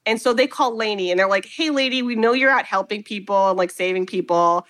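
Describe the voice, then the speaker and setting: A woman co-hosting a casual chat, recapping a film with animated storytelling and acted-out quotes. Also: medium pitch, brisk. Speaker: podcast co-host recapping a film.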